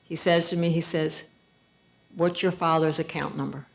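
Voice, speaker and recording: A woman's voice: deep voice, steady tone, moderate pace, gravelly. A middle-aged woman giving a conversational storytelling speech at a gala, acting out bits of dialogue. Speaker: gala speaker.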